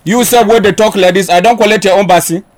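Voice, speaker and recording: A stubborn young man who doubts vaccines argues back in Nigerian Pidgin, as a male actor plays him. His voice sits high and the words tumble out fast. This is a radio drama. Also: close to an everyday voice. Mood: defiant.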